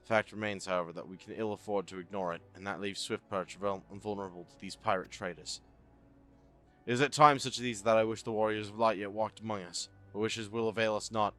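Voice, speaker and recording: A man's voice: fairly low pitch, steady tone, brisk, a bit bright, soft background music, natural voice. A man voicing a stern, formal male naval commodore in a fantasy game, reading dialogue aloud.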